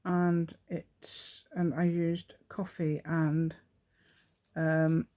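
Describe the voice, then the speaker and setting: Talking to herself as she crafts, this host of a casual tutorial channel thinks aloud in a chatty, meandering way. She speaks extremely slowly in a low, dark voice that stays level throughout.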